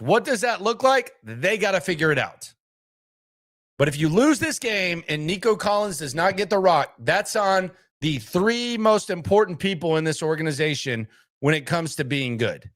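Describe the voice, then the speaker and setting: A man's voice: high-pitched, a bit bright. A man hosting a live sports talk stream, emphatic and repetitive, hammering his points home and rambling with restarts and asides. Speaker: sports talk show host.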